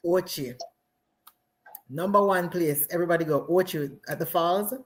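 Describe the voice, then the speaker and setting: A Jamaican woman speaking as a guest in a casual live interview, animated and laughing often, with many fillers. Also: on the low side, moderate pace. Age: adult with children.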